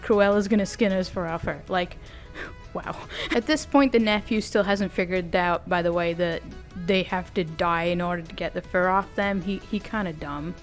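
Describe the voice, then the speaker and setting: A woman giving a casual, animated recap of a cartoon while she draws, slangy and amused. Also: on the low side, normal speed, faint music behind. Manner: animated, amused, often laughing; slangy, conversational. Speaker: video creator.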